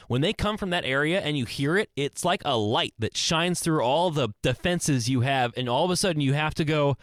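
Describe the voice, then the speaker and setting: A man's voice: expressive, brisk, hardly any pauses, a bit bright, no echo, clean studio sound. A young man hosting a podcast, talking alone in a casual, earnest and rambling way, restarting his sentences often. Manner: earnest, rambling, with many restarts and swings in pitch. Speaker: podcast host. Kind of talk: casual solo monologue. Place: small closet.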